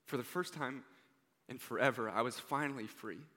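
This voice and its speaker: A man's voice: mid-range voice, moderate pace. Earnest young male preacher in a hall. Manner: earnest, heartfelt, drops to a hushed voice on key points. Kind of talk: sermon. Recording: reverberant hall.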